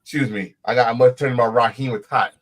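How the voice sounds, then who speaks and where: A man co-hosting a casual wrestling podcast, animated and profane, breaking into shouts and laughs. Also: mid-range voice, brisk, low-quality recording. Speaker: podcast co-host.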